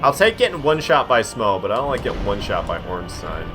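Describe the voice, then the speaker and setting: A young man chatting through a live game stream, quick to get frustrated and poking fun at himself. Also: lowish voice, sing-song, over music. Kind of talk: casual live-stream commentary.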